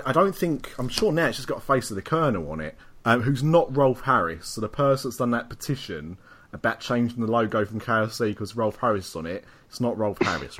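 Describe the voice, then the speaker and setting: A man's voice: mid-range voice, a bit bright. A man hosting a podcast in casual chat, rambling through stories and laughing often. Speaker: podcast host.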